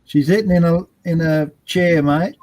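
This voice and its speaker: A man's voice: a little high, normal speed, a crowd in the background. A man, chatting as a guest, easygoing and self-deprecating. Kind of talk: casual group chat.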